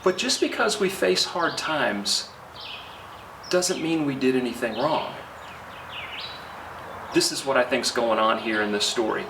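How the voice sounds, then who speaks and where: A middle-aged man preaching a conversational sermon, pausing now and then with fillers, recorded outdoors. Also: mid-range voice, animated. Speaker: pastor. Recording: roomy, from a distance, faint outdoor noise.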